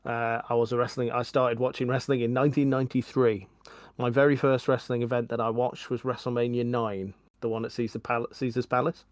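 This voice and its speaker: A man in his forties co-hosting a podcast, chatting casually in a measured, reflective way. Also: mid-range voice, flat delivery, dry recording, studio quality. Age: 40s. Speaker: podcast co-host. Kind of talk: casual chat.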